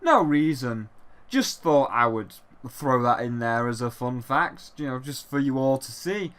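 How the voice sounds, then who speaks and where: A man's voice: medium pitch, lively intonation, measured pace, fairly bright tone, clear, resonant tone. A man reviewing a video game in a sarcastic, exasperated way, with plenty of swearing.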